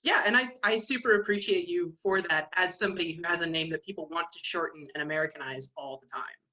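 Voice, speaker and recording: A woman's voice: fairly low pitch, fast talker, sharp tone. A woman chatting on a video call, speaking with wry, self-deprecating humor. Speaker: fan and soon-to-be minister. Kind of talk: casual chat. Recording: slightly dull video call audio.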